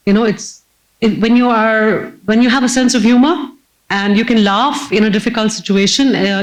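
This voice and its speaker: A woman, giving a humorous personal storytelling talk as keynote speaker on stage before a live audience, lively and self-mocking. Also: mid-range voice, poor audio.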